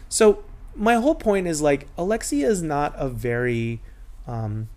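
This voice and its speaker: A man hosting a podcast, chatting casually and gossiping through a reality TV recap, mimicking the people he talks about. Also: a little high. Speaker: podcast host.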